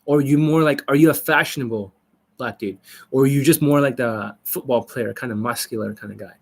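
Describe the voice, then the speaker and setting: A man's voice: mid-range voice, fairly quick. A man coaching on a live stream, answering viewers in a blunt, profane, rambling way. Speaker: dating coach.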